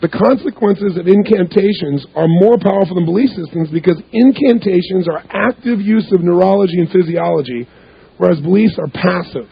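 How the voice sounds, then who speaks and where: A man's voice: high voice, normal speed. A man giving an emphatic, punchy seminar talk as a motivational speaker, repeating words for effect. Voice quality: gravelly, husky voice. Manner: emphatic, repetitive, punchy delivery. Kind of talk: seminar talk to a live audience. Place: hotel event room. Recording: muffled lo-fi recording.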